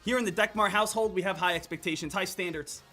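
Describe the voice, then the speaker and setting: A young man from Pennsylvania, fairly high-voiced, talks casually to viewers on a trading stream. He tells stories in an animated, rambling way and keeps coming back to "again" and "right?", with faint background music underneath. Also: fast. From Pennsylvania, USA. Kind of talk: casual trading livestream talk.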